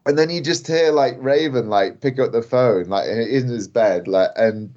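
A man's voice: mid-range voice, unhurried, darkish tone. A young man, a wrestler, telling a story on a podcast in a rambling way, full of fillers and laughs. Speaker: guest wrestler. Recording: dull lo-fi audio.

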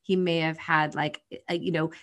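A woman co-host speaks in casual chat, earnest and a little rambling, with plenty of fillers. Her voice sits somewhat low for a woman. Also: flat delivery, moderate pace, a bit bright. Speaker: podcast co-host.

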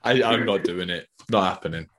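A man's voice: sits low, a little fast, heavy background noise. A man co-hosting a casual podcast, chatting about plans in a plain, laid-back way. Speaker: podcast co-host. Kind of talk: casual chat.

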